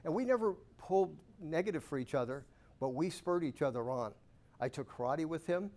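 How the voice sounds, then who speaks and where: Animated man telling stories to a live audience. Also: a little high, a little fast. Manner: animated, self-amused anecdotes with rhetorical questions. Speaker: guest speaker at a real estate investor club. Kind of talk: storytelling keynote talk.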